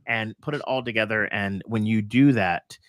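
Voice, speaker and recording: A man's voice: fairly low pitch, normal speed, a bit bright, no room sound, studio quality. A man hosting a casual coaching chat, upbeat and rambling with fillers. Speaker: host.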